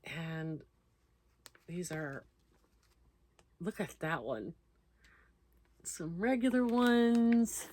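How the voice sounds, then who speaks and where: A woman's voice: fairly low pitch, drawn-out words, pauses often, darkish tone. A woman hosting a crochet channel, chatting casually as she opens mail, reading out notes and thanking the senders. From United States. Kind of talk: casual unboxing chat.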